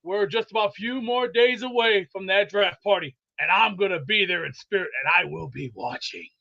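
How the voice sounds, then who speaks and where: A man with a very high, bright voice rambles boastfully about his team, excitable and a little winded. The recording sounds dull and lo-fi. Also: normal speed, gravelly. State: out of breath from exercise. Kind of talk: rambling comedic sports chat.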